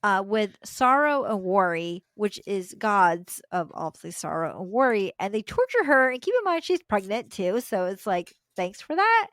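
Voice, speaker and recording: A woman's voice: mid-range voice, very animated, moderate pace, hardly any pauses, fairly bright tone, dry recording. A young adult woman, a podcast host, retelling a story casually with slangy asides and frequent laughter.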